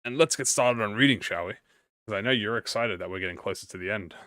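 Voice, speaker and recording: A man's voice: lowish voice, fast, sharp tone, dry recording, studio quality. A man livestreaming, chatting casually with viewers and reading a story aloud, stuttering and restarting often. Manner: encouraging, talks to chat with slang.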